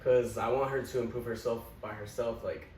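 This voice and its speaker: A man chatting casually on a podcast, telling a lively anecdote and often laughing mid-sentence. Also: mid-range voice, fairly quick. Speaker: podcast guest. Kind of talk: casual storytelling chat. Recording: roomy, distant mic with faint noise.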